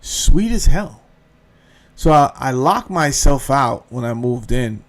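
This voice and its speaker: A podcast host with a medium-pitched voice speaks at a slow pace. He tells a comedic story full of profanity, animatedly acting out the quotes.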